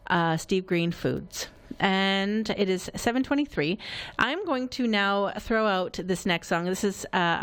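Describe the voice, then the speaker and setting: A woman hosts a live community radio show from a studio, her voice sitting in an ordinary middle register. She talks in a chatty, upbeat, loosely rambling way straight into the microphone. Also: mid-range voice. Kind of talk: casual live radio announcing.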